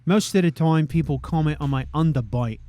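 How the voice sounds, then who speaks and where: A man's voice: fairly high pitch, a little fast, mellow, dry recording. Profane young man commenting on gameplay. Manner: profane, ends sentences with "eh?". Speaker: gamer.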